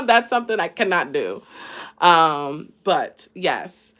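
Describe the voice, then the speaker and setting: A woman's voice: fairly low pitch, very animated, slow pace, a bit bright. A woman life coach hosting a live stream, chatting casually and encouraging her viewers, thanking them by name. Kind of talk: casual motivational live chat.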